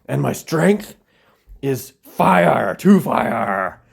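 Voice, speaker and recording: A man's voice: medium pitch, big pitch swings, extremely slow, creaky, slightly rough, voice pushed up, exaggerated voice. A man voicing a newborn Charizard dragon in a mock melodramatic, whimpering tone. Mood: whiny. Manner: theatrical whimpering.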